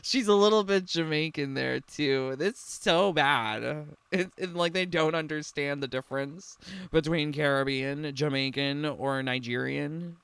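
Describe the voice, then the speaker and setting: Slow, gravelly young man riffing sarcastically. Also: fairly high pitch, fairly bright tone. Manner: sarcastic, giggly, filler-heavy. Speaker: streamer reacting to a game trailer. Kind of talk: casual reaction commentary.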